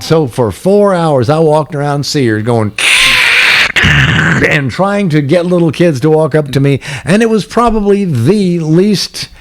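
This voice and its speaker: A man's voice: fairly high pitch, a little slow, a little hiss or hum. A middle-aged man, a radio host, telling a story in casual chat and slipping into voices when he quotes people. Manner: animated, puts on voices when quoting.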